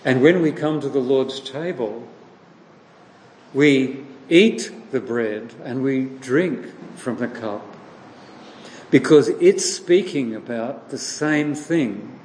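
Slow-preaching man in an echoey hall. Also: mid-range voice, animated, darkish tone. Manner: slow, deliberate preaching with rhetorical questions. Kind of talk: sermon. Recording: echoey hall with long reverb, faint noise.

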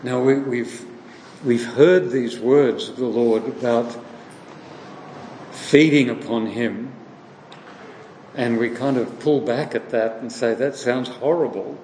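A man preaching a sermon slowly and deliberately, posing questions to his listeners and answering them himself. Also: mid-range voice, steady tone, darkish tone. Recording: echoey hall with long reverb, faint noise.

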